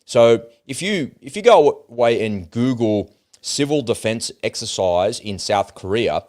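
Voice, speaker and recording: A man's voice: mid-range voice, lively intonation, measured pace, a little mellow. A man co-hosting a casual livestream, talking bluntly and animatedly, with frequent swearing. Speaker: co-host.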